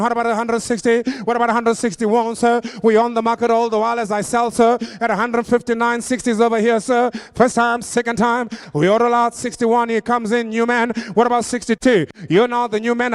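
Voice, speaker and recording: A man auctioning vans with a very high, smooth, clear voice. He races through the bids in a breathless chant, then slows down to crack jokes and hype each vehicle to the buyers. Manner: joking, high-energy patter with rapid-fire bidding calls. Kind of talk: rapid auction chant and sales patter.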